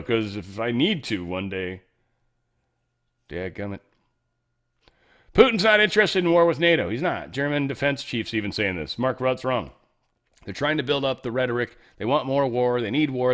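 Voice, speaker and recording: A middle-aged man with a mid-range, fairly bright voice hosts a casual political news commentary show. He's sarcastic and rambling, swearing freely as he reacts to the headlines.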